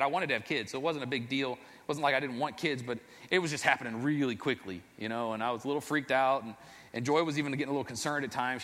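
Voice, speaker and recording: Guy rattling off a personal story quick, earnest and rambly, big echoey hall. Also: on the high side, fairly bright tone. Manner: earnest, rambling, self-deprecating. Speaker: father telling his faith testimony. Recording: long reverb, echoey hall.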